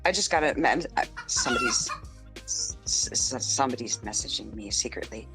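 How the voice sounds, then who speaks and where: A woman hosting a live podcast in casual chat, animated and chatty, laughing often. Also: rumbling low, fairly quick, music in the background, poor audio. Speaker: podcast host.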